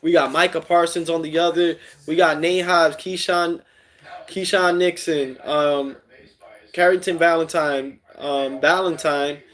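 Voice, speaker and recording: A man's voice: a little high, unhurried. Male stream host; easygoing, chatty, reads comments aloud. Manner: relaxed, reads chat aloud, many fillers. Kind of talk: casual live stream chat.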